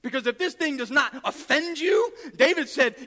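A male pastor with a very high, bright voice preaches with forceful emphasis and repeats his points. He acts out the quoted dialogue as he goes. His voice rings with a long reverb through a large hall. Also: very animated, moderate pace, hardly any pauses. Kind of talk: sermon.

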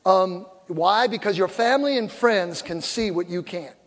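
A man's voice: sits high, moderate pace. An older man preaching a sermon as pastor, humorous, and he acts out little quoted exchanges. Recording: long hall reverb.

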